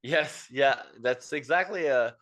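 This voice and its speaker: A man's voice: medium pitch, measured pace, fairly bright tone. A French man in his thirties, a podcast guest speaking English with a French accent, rambling with many fillers and repeated words. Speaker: podcast guest, engineer and entrepreneur. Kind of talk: casual interview chat.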